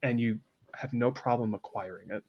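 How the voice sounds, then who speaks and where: A man's voice: medium pitch, normal speed. A man running a tabletop game as game master, prompting the players with easygoing questions. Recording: dull lo-fi mic.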